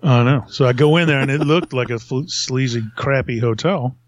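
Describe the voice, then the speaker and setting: A man with a mid-range voice hosts a podcast, telling a long story at a moderate pace in a rambling, casual manner and chuckling often. It's a dry recording with dull lo-fi sound.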